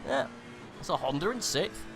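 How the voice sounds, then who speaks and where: A man's voice: fairly high pitch, expressive, normal speed. A man commentating an online sim race, chatty and playful, rambling with fillers as he calls positions and jokes with his co-host. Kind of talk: live race commentary with banter. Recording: music bed behind the voice.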